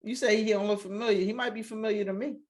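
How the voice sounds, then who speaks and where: A man's voice: sits high, steady tone, fast talker. A man co-hosting a podcast in casual chat, teasing and laughing through the banter. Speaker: podcast co-host.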